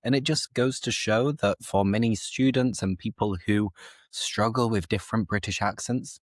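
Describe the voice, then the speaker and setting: A young man hosting a slow, clear conversation for English learners, speaking in a measured, reflective, explanatory way. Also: fairly low pitch, dry recording, studio quality. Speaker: English teacher, host.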